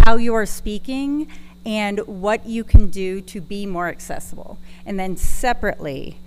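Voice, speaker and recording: A woman from Texas leads a conference session in a chatty, self-deprecating way, picking up her sentences again as she goes. Her voice sits at an ordinary middle pitch. A faint hum runs under the room recording. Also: a little mellow, low-quality recording. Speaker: session presenter.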